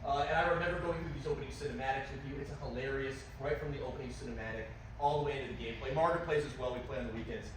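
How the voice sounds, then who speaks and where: A man hosting a live comedy talk show on a club stage, excitable and laughing as he interviews a guest. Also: medium pitch, rapid-fire, few pauses. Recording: echoey room, far mic, loud noise.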